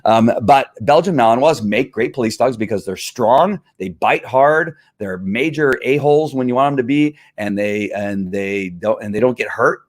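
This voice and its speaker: A man's voice: medium pitch, moderate pace, hardly any pauses, dry recording, studio quality. A middle-aged man who trains dogs, talking casually and with animation, acting out dog owners and laughing often. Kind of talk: casual livestream talk.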